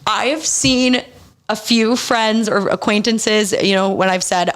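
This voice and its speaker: A woman's voice: mid-range voice, fairly even intonation, unhurried. Candid young woman podcast host. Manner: candid and profane, storytelling. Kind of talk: casual confessional chat.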